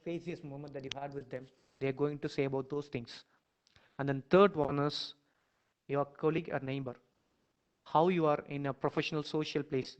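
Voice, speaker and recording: A man with an Indian English accent, lecturing and leading listeners through a dramatic imagined scene, repeating phrases and surging loud in emotional stretches. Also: fairly high pitch, muffled recording. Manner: dramatic, repetitive, rising to near-shouts in emotional passages. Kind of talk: guided imagination exercise in a lecture.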